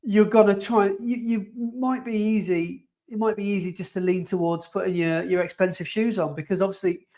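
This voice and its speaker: A man's voice: high-pitched, steady tone, fairly quick, hardly any pauses, darkish tone. A man co-hosting a running podcast, chatting casually and animatedly and laughing often. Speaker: podcast co-host. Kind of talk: casual chat.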